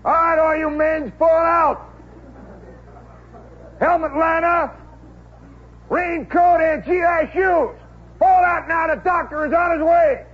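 A man shouting as a short angry army sergeant. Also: very high voice, steady tone, slow pace, long pauses, pitched above the performer's own voice. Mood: barking. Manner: shouted, clipped commands. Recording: dull old radio broadcast, faint hiss.

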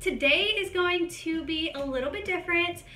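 A young YouTuber films a try-on haul vlog indoors at home, standing up, slightly out of breath, and chatting casually while poking fun at herself. Her voice is very high-pitched, bright, and forceful, at a moderate pace. The recording has a roomy echo.

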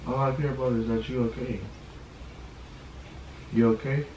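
A man's voice: mid-range voice, fairly even intonation, normal speed, a little mellow, echoey room, a little hiss or hum, poor audio. A young man at home, talking with urgent insistence and repeating himself. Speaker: boyfriend. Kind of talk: casual talk at home.

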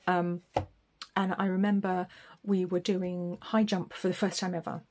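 A woman's voice: lowish voice, flat delivery, a little slow, darkish tone. A middle-aged woman doing a tarot reading in a chatty, rambling way, with frequent laughs. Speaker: tarot reader. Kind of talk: casual spoken reading.

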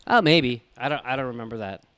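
A man's voice: mid-range voice, expressive, a crowd in the background. A man co-hosting a podcast, recapping a TV episode in a rambling way and acting out lines from scenes. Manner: rambling, quick asides, acts out scenes in quoted voices. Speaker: podcast co-host. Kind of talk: casual chat recapping a TV episode.

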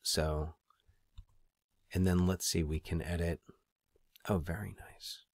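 A man teaching his students in a screen-recorded tutorial, relaxed and thinking aloud as he clicks through the steps. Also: deep voice, slow, no room sound, studio quality.

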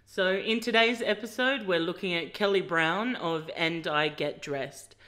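A woman's voice: lowish voice, fairly bright tone. A woman hosts her own vlog and talks through a website on screen. She is eager and gushing, and she speaks straight to her viewers as if she were chatting with friends. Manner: enthusiastic, gushing, direct. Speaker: fashion blogger and host. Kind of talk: casual screen-share walkthrough.

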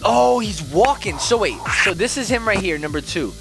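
A middle-aged man hosting a let's play, excitable and joking, with slangy banter and sudden shouts. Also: sits high, normal speed, vocal fry. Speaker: gaming channel host. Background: game music.

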